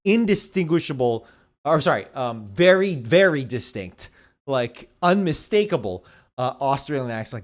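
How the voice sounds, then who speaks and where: A man's voice: medium pitch, expressive, a little slow. A man co-hosting a movie podcast, chatting in a laid-back way, laughing easily and calling his friend dude. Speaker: podcast co-host. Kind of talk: casual movie review chat.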